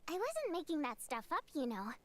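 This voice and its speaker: A woman's voice: high-pitched, brisk, exaggerated voice. An actress voicing a bubbly, chatty young woman in a video game. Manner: chatty, teasing, excitable.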